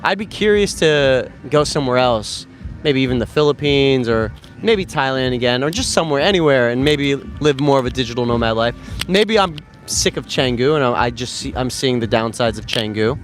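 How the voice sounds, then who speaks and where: A man's voice: mid-range voice, expressive, normal speed, faint music behind. An American man in his thirties chatting casually and rambling, with a lot of profanity and slang, outdoors by a street. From United States. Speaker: dating coach vlogger. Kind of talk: casual chat.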